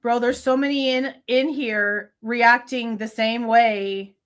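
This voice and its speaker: A woman's voice: on the high side, steady tone, slow, smooth. A young woman reacting live to true crime footage on a stream, casual and swearing often while she talks to her chat.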